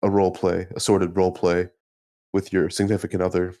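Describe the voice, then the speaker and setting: A man co-hosting a comedy podcast, teasing his friends with crude deadpan banter and steering the questions. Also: sits low, brisk. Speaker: podcast co-host.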